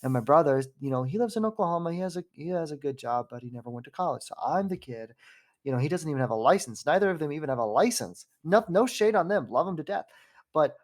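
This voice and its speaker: A man's voice: fairly high pitch, animated, fast. A man in his twenties hosting a podcast, telling a personal story in a rambling, heartfelt way. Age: 20s. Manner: rambling and heartfelt, with frequent fillers and restarts. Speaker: podcast host. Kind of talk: casual conversational storytelling.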